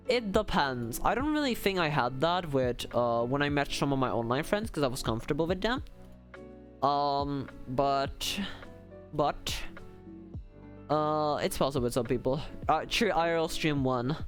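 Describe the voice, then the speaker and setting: A man's voice: on the high side, lively intonation, normal speed, fairly bright tone, faint music behind. A young man chatting casually on a livestream, rambling and self-deprecating with lots of fillers. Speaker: streamer.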